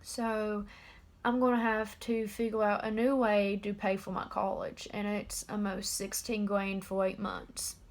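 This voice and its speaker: An eighteen-year-old woman talking straight to camera in a personal confessional vlog, subdued and halting. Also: mid-range voice, little pitch movement. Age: about 18. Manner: subdued, halting and openly emotional. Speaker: vlogger.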